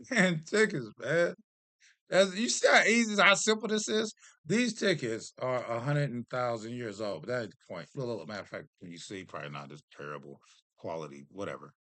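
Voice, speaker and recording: A man in his thirties or forties chatting to camera as a vlog host, telling stories in an animated, joking, self-deprecating way. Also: medium pitch, normal speed, no room sound. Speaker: vlogger host. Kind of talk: casual chat to camera.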